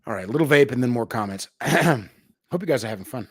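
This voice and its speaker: Brash young male livestream host, profane and slangy, bursts loud then drops low, very animated delivery. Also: fairly quick, breathy edge, no room sound. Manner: jumps between shouting and low asides. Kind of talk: unscripted livestream rant.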